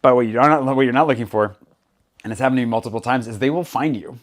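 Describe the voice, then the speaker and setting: A podcast host chats casually, animatedly acting out the quoted exchanges in the stories he tells. He has a medium-pitched voice and a quick pace.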